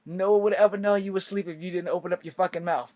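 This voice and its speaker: A man voicing a gruff male army drill sergeant who barks clipped commands in a higher, louder voice. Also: steady tone, very fast, lightly acted. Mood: barking.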